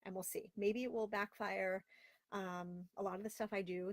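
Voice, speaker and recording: A woman's voice: mid-range voice, fairly even intonation, moderate pace, no room sound. A woman in her thirties hosting a casual live stream from home, talking candidly and with exasperation and reading out viewer comments. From Florida, via Long Island. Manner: candid, exasperated and chatty, with lots of "like". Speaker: host of a live video show. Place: home closet.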